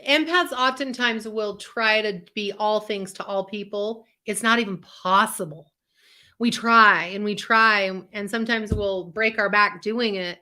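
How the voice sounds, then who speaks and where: A woman's voice: fairly high pitch, pushed and bright. A woman co-hosting a live online self-help show, talking in an upbeat, earnest, encouraging way over a video call. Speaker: co-host, empath coach.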